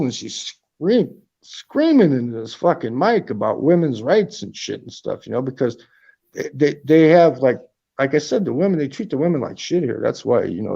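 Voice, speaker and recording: A man rambles through loose, cursing stories on a casual livestream from his apartment. His voice sits a bit high for a man, with a gravelly fry and a dark, mellow tone. The sound is slightly dull and lo-fi. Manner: profane, rambling storytelling. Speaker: livestream host. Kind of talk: casual chat.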